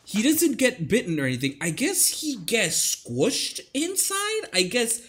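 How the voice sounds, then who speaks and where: Husky, slow-talking incredulous man. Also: very high voice, wildly swooping pitch, fairly bright tone. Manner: incredulous, profane, joking. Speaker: podcast co-host. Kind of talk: casual comedic chat.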